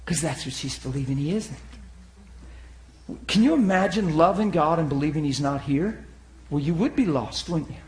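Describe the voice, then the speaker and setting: A man preaching a sermon, telling stories and acting out the voices of the people in them, swinging from loud outbursts to hushed tones. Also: fairly high pitch, normal speed. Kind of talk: sermon storytelling. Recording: echoey room.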